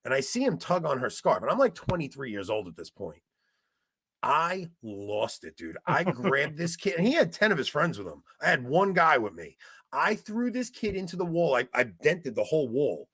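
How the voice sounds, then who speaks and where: A man in casual podcast chat, telling stories in an animated way and getting loud when he retells a fight. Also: a little high, normal speed, husky, dry recording. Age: 20s. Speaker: podcast co-host.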